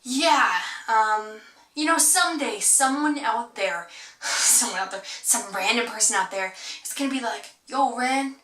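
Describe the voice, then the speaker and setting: A young woman with a high, bright voice rambles through a casual vlog, giggling and teasing with playful sarcasm. The sound is roomy and echoey, picked up from a few feet away. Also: measured pace. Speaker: vlogger. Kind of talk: casual chat to camera. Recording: roomy echo, mic at a distance.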